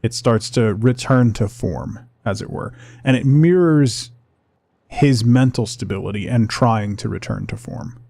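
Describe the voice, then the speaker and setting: A young man streaming a game and chatting with his viewers in a relaxed, rambling way. His voice is mellow and dark, with a gravelly fry. The sound is close and dry, with no room around it. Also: mid-range voice, measured pace, dry recording. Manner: relaxed, rambling, talks to chat. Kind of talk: casual livestream chat while gaming.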